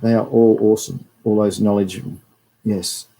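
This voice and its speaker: Husky, dark-voiced Australian man. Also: fairly low pitch, little pitch movement, moderate pace, poor audio. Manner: chatty, rambling, greets viewers between slides. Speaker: livestream host. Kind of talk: casual livestream lecture.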